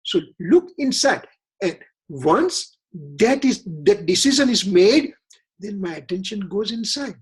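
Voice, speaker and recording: A man's voice: high-pitched, expressive, measured pace, husky. A man leading a religious scripture study class, earnest and repetitive, often asking rhetorical questions.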